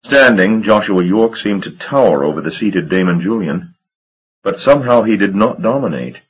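A man reading a gothic novel aloud as an audiobook narrator, in a measured, dramatic storytelling manner. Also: deep voice, slightly rough, lo-fi sound. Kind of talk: scripted narration.

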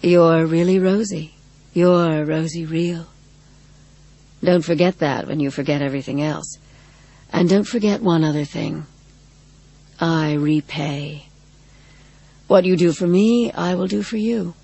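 Woman doing a husky, patient madwoman. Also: fairly low pitch, dark tone. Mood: patient, solemn. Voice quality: sweetly husky. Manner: slow, patient, solemn. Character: strange, patient, mad woman with a sweet husky voice.

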